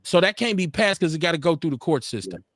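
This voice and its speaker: A fervent male talk-show host with a slightly raised pitch, his speech punchy, profane and preacherly. He hammers each point through repetition, recorded dry and close with almost no room sound. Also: sing-song, fast, a bit bright, no room sound. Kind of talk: impassioned political talk-show commentary.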